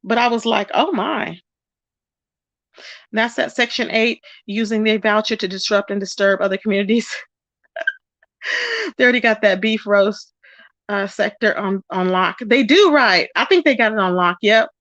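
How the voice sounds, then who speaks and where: A woman's voice: moderate pace, pauses often, dry recording, muffled recording. Woman gossiping on her stream, reads chat, dry close mic. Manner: animated, quotes people with rising pitch. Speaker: livestream host. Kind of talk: casual livestream chat.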